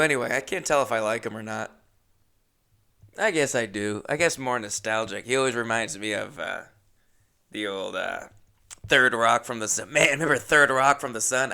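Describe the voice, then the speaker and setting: A man's voice: medium pitch, vocal fry, pushed and bright. A man hosting a solo podcast, rambling casually with chatty, self-mocking asides. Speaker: podcast host.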